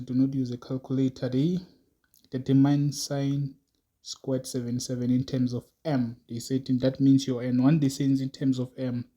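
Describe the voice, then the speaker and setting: A man teaching a math lesson, talking slowly and thinking aloud as he works through a problem with his students. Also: mid-range voice, warm tone, dull audio. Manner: slow, musing, talks to students as he works.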